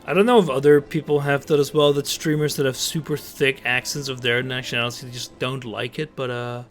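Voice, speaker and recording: A man's voice: medium pitch, level tone, a little fast, soft background music. A man with a Dutch accent, a native Dutch speaker, chatting casually on a live stream in rambling talk full of fillers and restarts. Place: home streaming setup.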